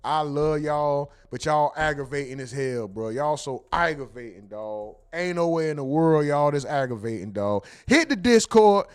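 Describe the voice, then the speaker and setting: A man's voice: fairly high pitch, lively intonation, moderate pace, hardly any pauses, smooth. A man hosting a casual livestream, reading out chat comments in a loose, joking and profane way. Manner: loose, joking, profane, sings and mumbles to himself. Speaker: streaming show host.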